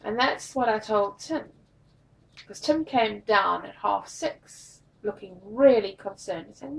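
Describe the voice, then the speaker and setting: Weary gravelly-voiced woman vlogging. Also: medium pitch, distant mic, low-quality recording. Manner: halting, repeats words, emotional retelling. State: tired and drained. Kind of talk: personal confessional vlog.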